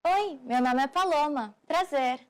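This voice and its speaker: High-voiced woman teaching phrases. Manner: clear, slowed demonstration of phrases. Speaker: language teacher. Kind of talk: scripted lesson.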